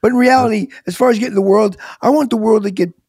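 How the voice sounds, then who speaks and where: A high-pitched, gravelly man co-hosting a casual chat show. His voice is dark and mellow, and he rambles with frequent restarts. The recording is dry and close. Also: quick pace. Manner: self-described cynic, rambling with many restarts. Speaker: co-host.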